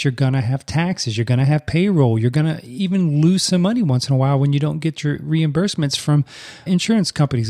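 A man's voice: on the high side, warm tone. A man in his forties hosting a podcast, chatting casually and telling folksy stories. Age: 40s. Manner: folksy storytelling, chatty and upbeat. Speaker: podcast host. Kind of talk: casual solo podcast talk.

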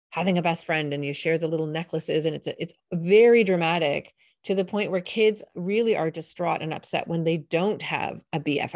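Soft-spoken woman hosting a parenting podcast. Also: low-pitched. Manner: conversational, anecdotal, with fillers and restarts. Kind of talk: solo podcast storytelling.

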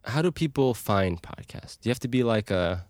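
A man's voice: on the low side, animated, moderate pace, darkish tone, no room sound. A man co-hosting a casual podcast, chiming in with playful, teasing remarks. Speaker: podcast co-host.

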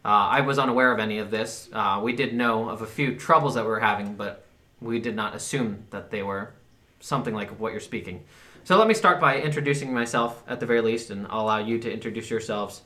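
A man voicing an aged, regal female high elf queen who speaks formally. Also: fairly quick, pushed and bright. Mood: courteous.

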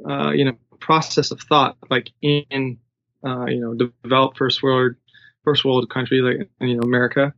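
A man's voice: mid-range voice, level tone, normal speed, vocal fry, fairly bright tone, dry recording, lo-fi sound. A man who coaches runners, talking casually and rambling with lots of "you know" fillers. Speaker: running coach. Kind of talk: casual podcast conversation.

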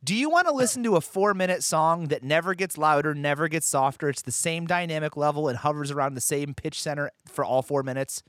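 Podcast host guy, bright voice, dry close mic, explains like a coach. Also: a little high, fairly quick, few pauses, no echo. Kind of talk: casual podcast chat.

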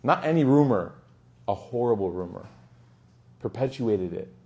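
A man's voice: fairly low pitch, animated, normal speed, a little mellow, highs cut off. A man teaching a religious study circle in a casual, joking way. He tells anecdotes and acts out the dialogue. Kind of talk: informal religious lesson.

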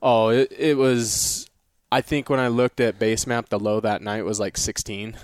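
A man's voice: fairly low pitch, level tone, clear, resonant tone, no echo, clean studio sound. A man talking as a guest on a podcast, telling a long story in a rambling, casual way with many restarts. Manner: rambling, restarts often, drawn-out retelling. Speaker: guest hunter.

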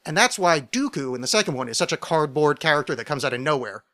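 A man on a casual podcast, rambling excitedly and swearing freely as he explains a fan theory. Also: on the high side, fast talker. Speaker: podcast co-host or guest.

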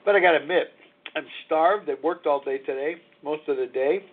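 A man's voice: on the high side, fairly quick. Frank middle-aged man on a tinny line. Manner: frank, reflective, confessional. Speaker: host of a live recovery call-in show. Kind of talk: candid personal talk on live radio. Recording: narrow phone-like lo-fi line.

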